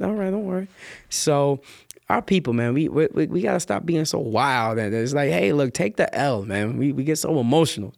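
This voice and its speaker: A man's voice: a little high, gravelly, dry recording. Man, dry-sounding casual podcast co-host. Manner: rambling, profane, jokey. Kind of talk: casual chat.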